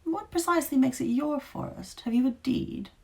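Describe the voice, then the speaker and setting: A woman's voice: sits high, normal speed, gravelly, darkish tone, pitched above the performer's own voice. A woman voicing a ghoulish beast that speaks with flowery, overly polite courtesy. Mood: courteous. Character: courteous, ghoulish beast monster, eager and pompous.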